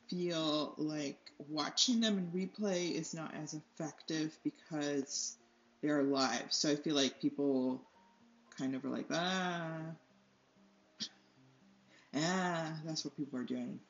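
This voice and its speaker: A young woman hosting an art tutorial, chatting casually while she paints at home, rambling, losing her train of thought and laughing often. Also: fairly low pitch. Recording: slightly dull lo-fi sound.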